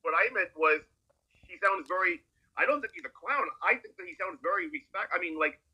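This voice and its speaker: A man's voice: sits high, animated, fairly quick, bright, forceful tone, breathy edge, low-quality recording. A man co-hosting a podcast, talking casually and animatedly, often restarting his sentences. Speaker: podcast co-host. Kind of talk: casual conversation.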